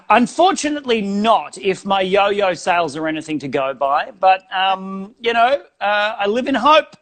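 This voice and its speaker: A man's voice: sits high, lively intonation, measured pace, hardly any pauses, fairly bright tone. A man voicing a sardonic felt puppet comedian with an Australian accent, who talks in dry, self-deprecating banter full of rambling asides. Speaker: guest comedian.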